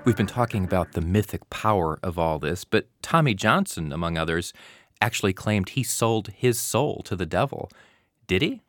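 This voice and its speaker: A man hosting an interview, asking measured, inquisitive questions. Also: low-pitched, animated, soft background music. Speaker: interviewer, host.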